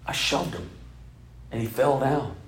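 A man in his fifties preaching a sermon as a bishop, telling stories and swinging between loud emphasis and soft, hushed passages. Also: mid-range voice, lively intonation, measured pace, echoey room. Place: church sanctuary.

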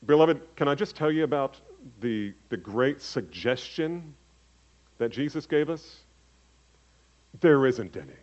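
Pastor guy preaching, big swings loud to quiet, kinda high voice, muffled church recording. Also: expressive, normal speed. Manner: dynamic preaching, swings from loud emphatic calls to hushed low asides. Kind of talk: sermon. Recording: dull lo-fi sermon recording.

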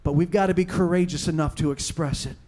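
A man preaching a sermon with passion, moving from hushed talk to shouting and reading scripture with dramatic emphasis. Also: on the high side, steady tone, quick pace. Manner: impassioned, swinging from hushed to shouting. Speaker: pastor.

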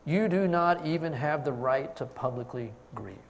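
An older man, a grandfather, preaching a sermon and telling a family story with lively, acted-out quotes. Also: fairly high pitch, normal speed, gravelly, long reverb tail, slight background noise. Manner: storytelling, animated, acts out quotes. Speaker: pastor.

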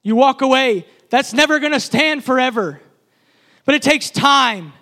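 A man delivers a sermon at a church service in a strikingly high voice. His tone is bright and forceful. He builds his points through repeated phrases that swell with passion. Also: measured pace. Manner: impassioned preaching with repetitive, building phrases. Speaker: preacher.

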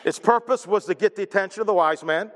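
A man's voice: sits high, fast, fairly bright tone, in a large hall. A man preaching a sermon, joking and poking fun at himself between points. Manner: joking, self-deprecating asides. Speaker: pastor.

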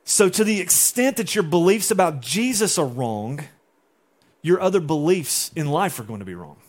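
A man's voice: on the high side, sing-song, moderate pace. A man preaching a sermon in a conversational way, acting out quoted lines and often asking "right?" and "like". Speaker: pastor.

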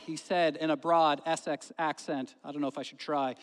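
A man preaching a sermon as pastor, telling a story and swinging between loud emphasis and hushed moments. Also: fairly high pitch, steady tone, fast, few pauses. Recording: long hall reverb.

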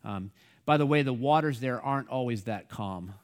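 A man's voice: medium pitch, moderate pace. A middle-aged man from the United States, a pastor teaching the Bible in a casual, rambling way full of fillers and asides.

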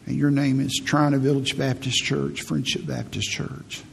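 A man in his fifties with a raspy voice, preaching a folksy, humorous sermon as a pastor. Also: mid-range voice, level tone, normal speed, long reverb tail, a little hiss or hum. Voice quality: raspy, gravelly. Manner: storytelling, humorous, laughs at own stories.

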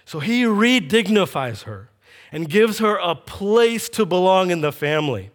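A man's voice: sits high, very animated, measured pace. A man preaching a sermon, telling a scripture story with animation and acting out the quoted lines.

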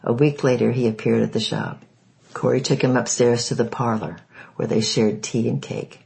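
A man reading a novel aloud in a plain, unhurried way. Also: medium pitch, steady tone, vocal fry, darkish tone, low-quality recording. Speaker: reader of a novel.

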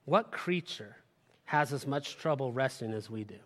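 A man preaching a sermon as pastor, swinging between loud emphatic lines and hushed ones. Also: mid-range voice, lively intonation, normal speed. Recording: live sermon in a reverberant hall.

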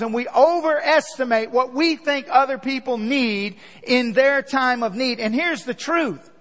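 A man with a very high-pitched voice preaches to his church, driving points home through repetition. At moments he sinks into a hushed, gentle tone. His words ring out in a long hall reverb. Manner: preaching with emphatic repetition, dropping to a hushed tender voice. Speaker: pastor. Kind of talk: sermon. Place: church sanctuary.

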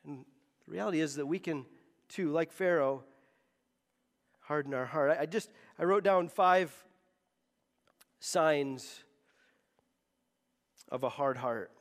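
A man's voice: fairly high pitch, takes it slowly, pauses often, in a large hall. A man preaching a sermon as pastor, emphatic and often repeating words as he presses a point.

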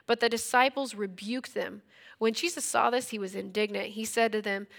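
A woman's voice: mid-range voice, fairly even intonation, normal speed, vocal fry, fairly bright tone. A woman in her thirties teaching a Bible passage in a casual, conversational way. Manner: conversational, retells scripture in everyday speech.

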